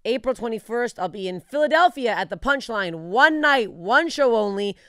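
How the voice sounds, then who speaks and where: A woman's voice: a little high, animated, normal speed, a bit bright, no room sound, studio quality. A woman hosting a comedy podcast, brash and profane, laughing often in casual chat. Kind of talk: casual chat and tour ad read.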